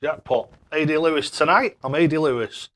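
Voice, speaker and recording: Reading viewer chat between dart throws, an older livestreamer chats casually, laughs often and fumbles tricky names. His voice runs on the high side, fairly quick, with a fairly bright tone.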